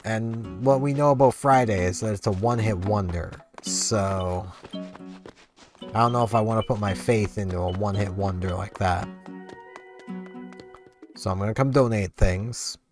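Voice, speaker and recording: A man's voice: on the low side, unhurried, pauses often, over music. A sleepy man rambling chattily through casual gameplay commentary. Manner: rambling, chatty, easily amused. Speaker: gaming channel host.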